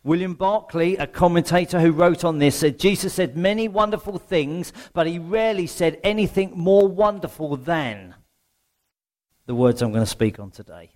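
A middle-aged man preaches a sermon in a relaxed, conversational way. He has a slightly high voice for a man. He keeps turning to the congregation with questions. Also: moderate pace.

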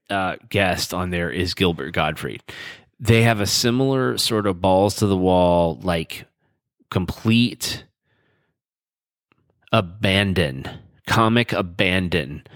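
A man hosting a podcast, telling stories in a rambling, relaxed way. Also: low voice, dry recording, clean studio sound. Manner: rambling, relaxed storytelling with fillers. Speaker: podcast host. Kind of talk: casual chat.

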